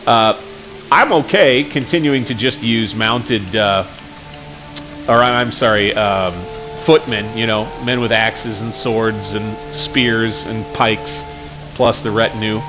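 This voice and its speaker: A man hosting a gaming channel, giving relaxed, rambling commentary on his gameplay. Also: on the low side, slow. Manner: relaxed, rambling, with fillers and self-corrections. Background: game music.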